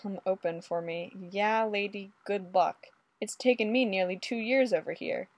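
A woman's voice: medium pitch, moderate pace, no echo, close to an everyday voice. Brief: blunt, casual undercover cop, grown man, as a female narrator reads him, dry sound. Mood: gruff.

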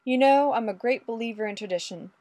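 A woman voicing a courtly, mild old male Mountie with a polite, unhurried, old-fashioned manner. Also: fairly high pitch, darkish tone, no echo, lightly acted. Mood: genial.

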